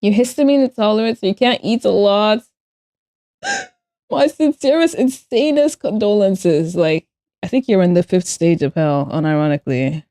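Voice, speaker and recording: A woman's voice: mid-range voice, moderate pace, pauses often, dark tone. A young woman livestreaming as she draws, chatting playfully and answering her viewers' messages aloud. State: out of breath. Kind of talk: casual livestream chat while drawing.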